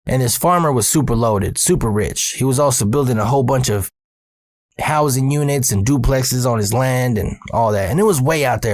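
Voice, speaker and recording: A man recounts a story from his working days in loose, streetwise talk full of swearing. His voice sits at an ordinary middle pitch. The recording is dry and close, with no room sound. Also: dry recording. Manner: profane, streetwise, conversational. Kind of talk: casual personal storytelling.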